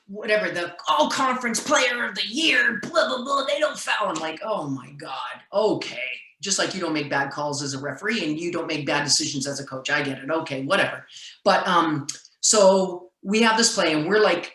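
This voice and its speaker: Animated woman referee telling a story. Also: low-pitched, roomy sound, rough recording. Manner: animated storyteller, acts out quotes loudly. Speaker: basketball referee and session speaker. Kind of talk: storytelling talk on a video call.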